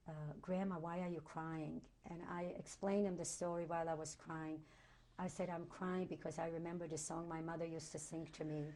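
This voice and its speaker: Older woman in her sixties, Holocaust survivor, reflective and tender, repeats words for emphasis, warm and mellow tone. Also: fairly low pitch. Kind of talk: oral history interview.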